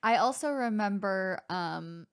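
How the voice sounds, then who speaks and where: A young woman chats on her sister's podcast in an easy, animated way. She bursts into acted-out moments now and then, her mid-range voice lively and unpolished. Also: medium pitch, slow pace, clean tone. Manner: animated, acts out scenes with sudden yelps. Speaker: podcast guest and co-host of another podcast. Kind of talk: casual sister chat.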